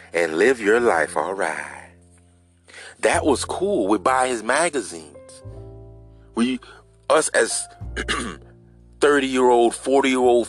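A man hosting a casual solo podcast, telling a story in a loose, rambling way and talking straight to his listeners. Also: mid-range voice. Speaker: podcast host.

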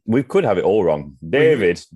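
A very deep-voiced man co-hosting a sports podcast, recorded close and dry with no room sound. He is chatty and enthusiastic, and works steadily down a list of names. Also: brisk, darkish tone, dry recording. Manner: enthusiastic, chatty, reads through lists. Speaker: podcast co-host. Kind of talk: casual sports podcast chat.

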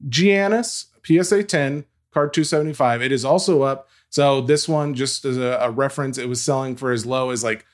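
Casting: dry, sarcastic male co-host, mid-pitched, numbers-focused. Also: normal speed, few pauses. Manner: dry, sarcastic, reads out prices. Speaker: podcast co-host. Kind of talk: casual podcast chat about sports cards.

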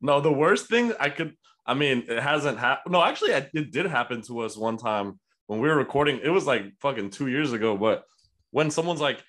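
A man's voice: mid-range voice, animated, fairly quick, fairly bright tone. A young man co-hosting a casual podcast, teasing and sarcastic. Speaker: podcast co-host. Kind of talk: casual chat.

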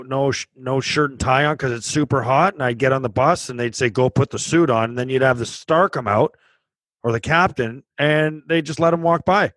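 A man's voice: mid-range voice, fairly bright tone, dry recording, low-quality recording. A man, a former hockey player, chatting casually, leaning on fillers and prompting stories from his guest. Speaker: podcast host, former pro hockey player. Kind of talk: casual chat.

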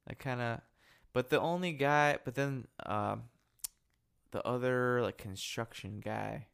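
A man's voice: medium pitch, takes it slowly, gravelly, fairly bright tone, smooth. A man co-hosting a podcast in casual chat, throwing in wry quips. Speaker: podcast co-host.

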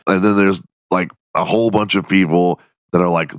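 A man's voice: sits low, a little fast, no room sound, studio quality. A man hosting a show, riffing in a casual comedic monologue, swearing freely and laughing often. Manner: profane, joking, laughs often. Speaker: podcast host.

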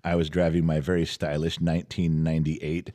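A middle-aged man hosting a podcast, telling a story in casual chat with animated, exasperated delivery. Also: rumbling low, brisk. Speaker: podcast host. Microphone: studio podcast mic.

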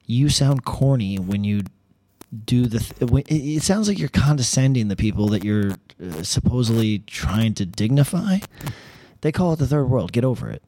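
A man's voice: mid-range voice, animated, normal speed, dark tone, dry recording, rough recording. Sarcastic, ranting man. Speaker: travel vlogger. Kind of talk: casual rambling monologue. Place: hotel room.

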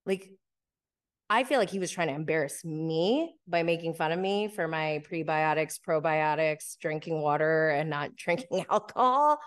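A woman hosting a podcast, telling a story in a casual, chatty way with lots of fillers. She gets animated when she quotes other people. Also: deep voice, normal speed, clean tone. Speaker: podcast host.

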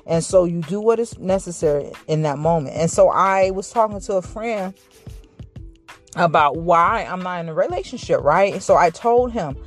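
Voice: mid-range voice, lively intonation, moderate pace, faint music behind. A vlogger giving a casual, reflective motivational talk to viewers, rambling with frequent restarts and a slight stutter. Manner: says they stuttered in school.

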